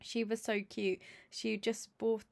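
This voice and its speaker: A woman's voice: a little high, little pitch movement, takes it slowly, vocal fry, a little mellow. Chatty young woman vlogging. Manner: chatty, rambling, laughs often. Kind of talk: casual chat to camera.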